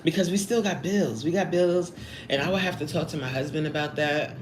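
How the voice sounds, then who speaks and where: A woman's voice: sits low, fairly quick. A woman in her forties chatting playfully on a live stream, reading out chat names and eating while she talks. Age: 40s. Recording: roomy echo, faint noise.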